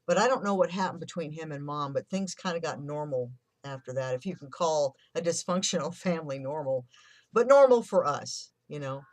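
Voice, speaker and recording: A person in their fifties speaks at a middle pitch, recounting their own childhood in a raw, confessional way and slipping into the voices of the people they remember. The sound is close and dry. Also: no echo. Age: 50s. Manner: candid and emotional, swears, acts out remembered quotes. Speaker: vlogger sharing a personal story. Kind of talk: personal storytelling.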